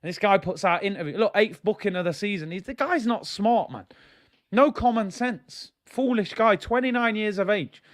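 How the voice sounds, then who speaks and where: A young man giving excitable, slang-heavy live commentary as he watches a football match, now and then bursting into shouts. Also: sits high, fairly quick, hardly any pauses. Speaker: football fan streamer.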